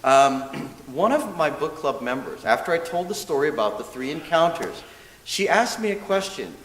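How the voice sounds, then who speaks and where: A man delivers a storytelling sermon in a slightly high voice, lively and self-mocking, acting out the people in his story. His voice rings through a large hall with a long reverb, and a faint hiss sits beneath it. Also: normal speed. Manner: lively, self-mocking storyteller who often laughs and acts out quotes. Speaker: minister's assistant giving a dharma talk. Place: church hall.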